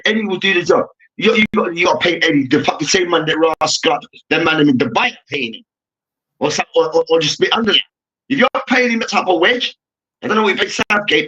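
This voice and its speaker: A young man with a high-pitched, fairly bright voice hosts a heated sports debate show, ranting and swearing. He keeps repeating "hear me now." The recording is dull and lo-fi.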